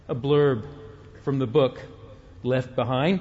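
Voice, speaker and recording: Middle-aged male preacher, casual and joking, stumbles and restarts, somewhat high-pitched, muffled sound. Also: lively intonation, moderate pace. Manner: conversational and humorous, with frequent self-interruptions. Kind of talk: sermon.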